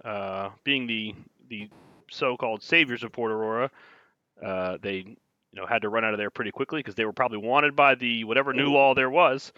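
A man's voice: mid-range voice, fairly quick, sharp tone, no echo, muffled recording. A man acting as game master, casually recapping the last session of a tabletop game with loose, rambling talk. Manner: casual, rambling with fillers and restarts, chuckles.

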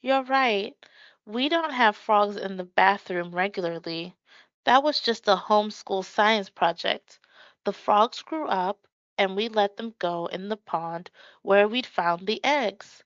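A woman reading an audiobook, voicing a cheerful middle-aged mother in a bright, upbeat tone. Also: mid-range voice, slow, clean tone, no echo. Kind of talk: audiobook character voice. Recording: dry, slightly muffled.

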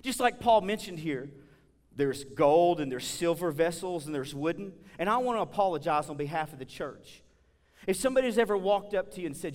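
A man preaching a sermon in a church, telling stories in a conversational, animated way with big swings between loud and soft. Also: fairly high pitch, a little fast, long reverb tail. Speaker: guest preacher. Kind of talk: sermon with storytelling. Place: church sanctuary.

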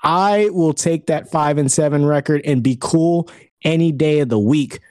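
A man's voice: fairly high pitch, normal speed, warm tone, no room sound, clean studio sound. A man co-hosting a casual sports chat, bluntly trash-talking the others and swearing. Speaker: podcast co-host.

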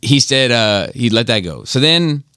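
A man's voice: mid-range voice, expressive, normal speed, pushed and bright, clean tone, no echo, studio quality. A man co-hosting a podcast, telling a long, profane story in casual chat, full of ums and you-knows. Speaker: podcast co-host.

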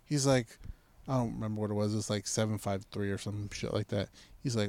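A man's voice: on the low side, fast, dark tone, no echo. Man, casual storyteller, acts out his own lines, swears a lot, close and dry. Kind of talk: casual chat.

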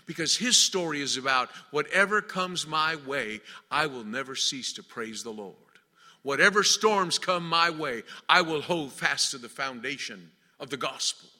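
A man preaching a sermon, swinging from loud declaiming to hushed, near-whispered lines. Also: a little high. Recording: long reverb of a large hall.

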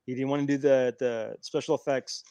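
A man's voice: medium pitch, fairly even intonation, a little fast, dark tone, clear, resonant tone, no room sound. A man chatting casually about movies, stammering and repeating words as he goes.

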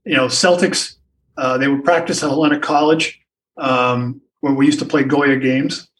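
A man's voice: medium pitch, steady tone, moderate pace, far from the mic, rough recording. An older man, a sportswriter guest, telling stories in a rambling way with many restarts and asides. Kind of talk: anecdotal storytelling in a podcast interview.

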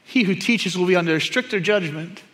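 A man preaching a sermon, emphatic and repetitive, often dropping to a hushed, intense tone. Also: high-pitched, fairly quick. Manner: emphatic, repeats key phrases, drops to hushed intensity.

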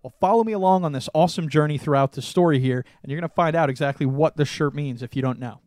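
A young man co-hosting a podcast, telling a story in casual chat, animated and laughing often. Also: a little high, fast, no room sound, clean studio sound. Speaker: podcast co-host.

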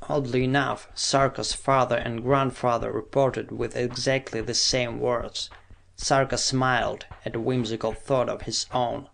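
Gravelly, flat-toned male narrator. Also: mid-range voice, a little slow. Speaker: audiobook narrator. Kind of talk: scripted narration.

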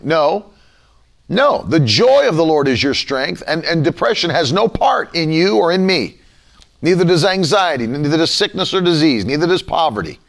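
Animated emphatic male preacher. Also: on the high side, moderate pace. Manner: emphatic, repetitive declarations. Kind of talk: livestreamed sermon.

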